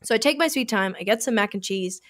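A young woman, co-hosting a casual podcast chat and telling a long story in an animated way, full of "like". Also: medium pitch, fast talker. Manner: animated, says "like" a lot, drops to a hushed voice for quotes. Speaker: podcast co-host.

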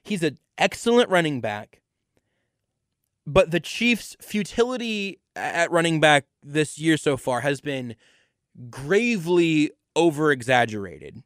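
A man's voice: a little high, animated, a little slow, fairly bright tone, no room sound, clean studio sound. A man hosting a sports podcast, giving an opinionated solo analysis and repeating words for emphasis. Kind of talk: solo football analysis monologue.

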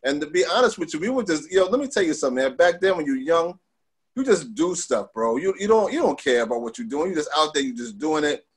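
A middle-aged man from Long Island, telling stories in a casual interview, animated, with many fillers and restarts. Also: a little high, quick pace, slightly rough. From Long Island, New York. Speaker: guest.

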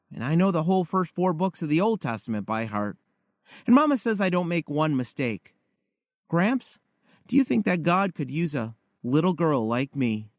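A man's voice: fairly high pitch, no echo, studio quality. A man reading aloud the letter of an eight-year-old blind girl to her grandfather, in an earnest, confiding manner. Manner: earnest, wide-eyed, confiding.

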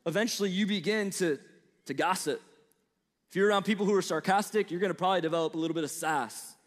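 A young Midwestern man with a slight Southern twang gives a relaxed, talkative sermon to college students. His voice sits high for a man, and it rings out with the long reverb of a big hall. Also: fast. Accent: Midwestern American with a slight Southern twang. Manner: conversational, storytelling, lots of fillers and asides. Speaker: preacher.

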